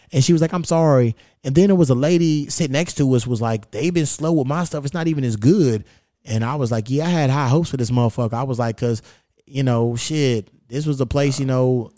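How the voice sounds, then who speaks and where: A man hosting a podcast, telling stories in a profane, animated way with quoted back-and-forth. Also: mid-range voice, fairly quick, no echo, clean studio sound. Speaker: podcast host. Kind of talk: casual chat, storytelling.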